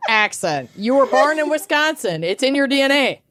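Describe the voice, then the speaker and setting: A woman's voice: high voice, big pitch swings, normal speed, noisy background. A woman co-hosting a podcast, trading wry, teasing remarks in casual chat. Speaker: podcast co-host.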